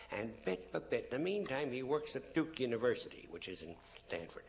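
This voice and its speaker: A man's voice: mid-range voice, very animated, a little fast, hardly any pauses, a little hiss or hum. A man giving a public lecture to an audience, telling stories animatedly and acting out the people he quotes. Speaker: public speaker.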